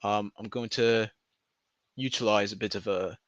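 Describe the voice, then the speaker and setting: A young man chatting casually to his stream, rambling and swearing, breaking into loud laughter. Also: on the low side, fairly even intonation, moderate pace, dry recording. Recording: dry, slightly muffled lo-fi audio.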